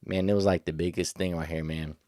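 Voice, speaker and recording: A young man with a low, deep voice rambles through a personal story in loose, slangy chat. He laughs often and jumps up in pitch when he quotes friends. The sound is close and dry, with almost no room around it. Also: flat delivery, fairly quick, warm tone, no room sound. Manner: raises pitch when quoting others. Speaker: vlogger.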